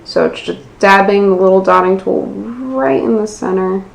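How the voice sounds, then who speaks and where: A woman's voice: medium pitch, moderate pace, creaky. An American woman in her twenties narrating a casual nail art tutorial, self-deprecating and swearing casually. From United States. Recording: echoey room, faint background noise.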